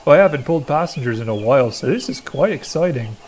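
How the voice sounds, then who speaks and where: A man voicing an eager, polite male goods engine who is excited to be pulling passengers. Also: medium pitch, fast talker, close to an everyday voice.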